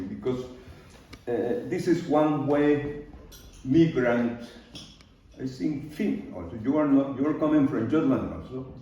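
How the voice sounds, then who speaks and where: Speaking expressively to an audience, an older Peruvian artist with a mellow, not very bright Spanish-accented voice takes his time, pausing, using fillers and loose grammar. The recording comes from a distance in a large, very echoey art studio and has a dull quality.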